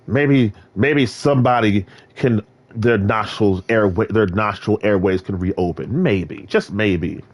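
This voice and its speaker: A man streaming, talking in a rambling rant that swings between loud outbursts and low muttering. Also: slow.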